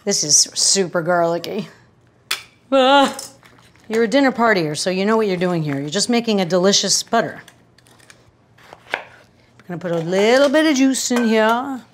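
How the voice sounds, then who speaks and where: A woman's voice: medium pitch, expressive, normal speed, pauses often, a little hiss or hum. Chatty woman host, home kitchen demo, wry asides, mid-range voice. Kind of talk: casual cooking demonstration.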